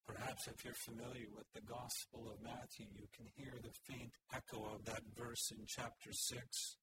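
A man's voice: medium pitch, level tone, moderate pace, few pauses. A man preaching an earnest, expository sermon. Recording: hissy recording.

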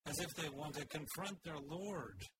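A man's voice: fairly high pitch, expressive, a little slow, fairly bright tone, low-quality recording. A man preaching an earnest, expository sermon. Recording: hissy recording.

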